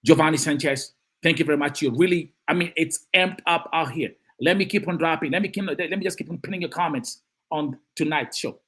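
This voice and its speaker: A man hosting a live-stream of political commentary, animated and emphatic, who repeats phrases and greets and reads out chat comments. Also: on the high side, fairly quick, few pauses, breathy edge.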